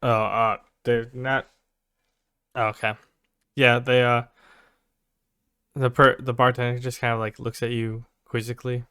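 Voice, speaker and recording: A man narrating as game master in a tabletop game, talking in a halting way with frequent restarts. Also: medium pitch, level tone, bright, forceful tone, clean tone, dry recording, studio quality.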